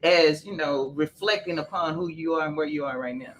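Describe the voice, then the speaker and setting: A woman's voice: deep voice, fairly quick, recorded from a distance, slight background noise, rough recording. A woman hosting a podcast interview, encouraging her guest with frequent affirmations and asking reflective questions. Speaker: podcast host. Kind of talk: casual interview talk.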